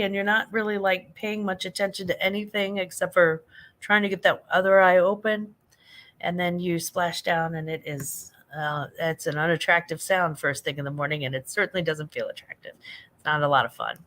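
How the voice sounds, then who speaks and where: A woman's voice: on the low side, steady tone, moderate pace, a bit bright. An American woman hosting a casual late-night livestream, chatting with viewers, reading their comments and laughing often. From United States. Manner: chatty, laughs often, reads chat aloud. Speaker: livestream host.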